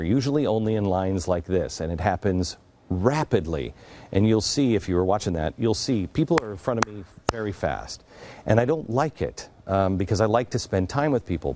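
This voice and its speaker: Low, dark-voiced male talk host. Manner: earnest, confiding, with sudden drops to a hush. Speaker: radio and TV show host. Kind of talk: monologue storytelling.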